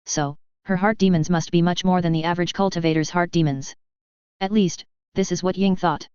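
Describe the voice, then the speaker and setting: Reading a fantasy tale in a steady, even manner, this narrator has a very smooth voice pitched in the middle. The audio is dry and a bit muffled, with no echo.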